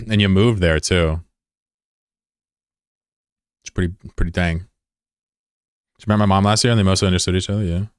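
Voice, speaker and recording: A man's voice: low voice, steady tone, a little fast, pauses often, clear, resonant tone, no room sound, studio quality. A man streaming a game and chatting casually with viewers, rambling and curious, with plenty of fillers and swearing. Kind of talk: casual chat with viewers while gaming.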